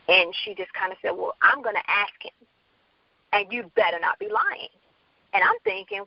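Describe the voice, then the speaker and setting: A woman's voice: on the high side, big pitch swings, a little slow, vocal fry, no room sound, dull audio. A woman from the Bronx, an author guest, telling her story candidly in an interview and acting out quoted dialogue. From Bronx, New York.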